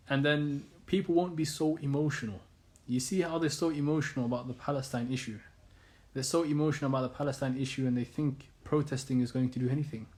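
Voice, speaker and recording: A man giving an earnest monologue as an Islamic commentator, insistent and repeating phrases and rhetorical questions. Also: mid-range voice.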